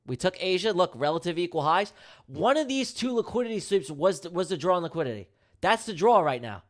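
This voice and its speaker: High-pitched and brisk, this man's voice swings a lot in pitch. He's livestreaming his day trades, bantering with viewers through slang, emphasis, repetition, and jokes.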